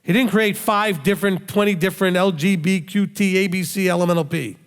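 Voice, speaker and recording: A man's voice: sits high, steady tone, brisk, clear, resonant tone. A male rabbi giving a conversational sermon, emphatic and full of rhetorical questions he answers himself. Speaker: rabbi teacher. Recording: long hall reverb.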